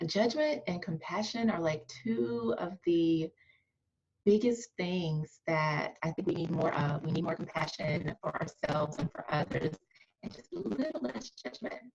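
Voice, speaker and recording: A woman's voice: lowish voice, expressive, measured pace, darkish tone, muffled recording, a little hiss or hum. A woman guest on a podcast who talks in an earnest, encouraging, coaching way. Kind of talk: casual conversational interview.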